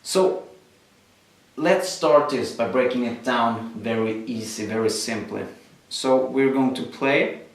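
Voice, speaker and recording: Slow, patient male drum teacher. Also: mid-range voice. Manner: slow, explanatory, with frequent fillers. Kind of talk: instructional drum lesson. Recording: echoey room, mic at a distance. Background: drums played between explanations.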